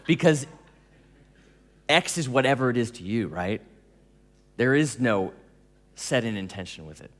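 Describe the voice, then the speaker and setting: A man giving a storytelling talk to an audience, animated, laughing often and acting out dialogue. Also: medium pitch, measured pace, pauses often, big-room sound. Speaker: speaker telling stories to an audience.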